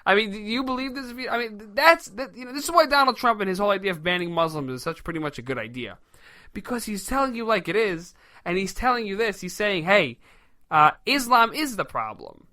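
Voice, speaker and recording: Brooklyn-accented male co-host, high bright voice, animated and opinionated. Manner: animated, opinionated, quick to joke. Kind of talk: casual political talk show banter.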